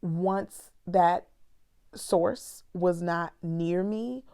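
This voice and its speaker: A woman's voice: fairly low pitch, drawn-out words, warm tone, smooth. A woman and mother speaking candidly and earnestly in a personal reflective talk to her viewers. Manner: candid, earnest, conversational, sprinkled with "honey" and "girl". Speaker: vlogger.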